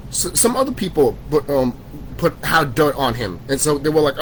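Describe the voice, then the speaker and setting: A man's voice: a little high, very animated, moderate pace, slight background noise, low-quality recording. A man in an angry vlog rant, swearing constantly, repeating himself and restarting sentences as he scolds his viewers. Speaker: vlogger. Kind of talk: profane conspiracy rant to camera.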